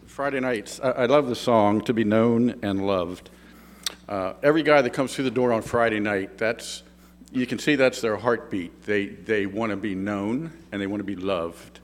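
A man's voice: on the low side, normal speed, long reverb tail. A man giving a testimony at church, sincere and hesitant, with many restarts and fillers. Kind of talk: spoken testimony. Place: church hall.

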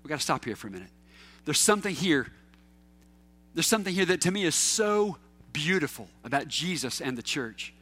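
A man's voice: fairly high pitch, big pitch swings, a little fast, a bit bright, slightly rough. A middle-aged man preaching a conversational sermon, casual and anecdotal, with fillers and repeated words. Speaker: pastor.

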